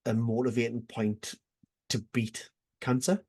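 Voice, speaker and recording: A man hosts a casual podcast chat, drawing out his guest with long, winding questions and plenty of encouraging "yeah"s. His voice sits at an ordinary middle pitch. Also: little pitch movement, a little slow, darkish tone, husky. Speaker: podcast host. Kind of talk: casual interview.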